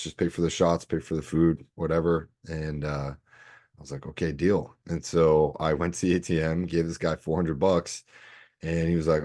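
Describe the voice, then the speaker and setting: A man's voice: sits low, darkish tone. A man in his thirties hosting a solo podcast, telling stories in a casual, rambling way. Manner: casual, rambling storytelling with fillers. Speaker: podcast host.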